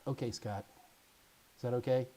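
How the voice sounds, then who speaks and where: A man hosting a casual live Q&A stream as an IT certification instructor, chatty and animated, with jokey asides. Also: medium pitch, normal speed.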